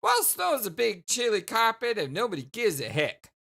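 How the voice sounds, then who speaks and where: Woman reading as a deadpan teen guy bragging, bright voice that jumps around a lot. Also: medium pitch, moderate pace, gravelly, pitched above the performer's own voice, exaggerated voice. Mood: smug. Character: cool-acting teen boy, smug and rambling. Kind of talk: reading game dialogue aloud.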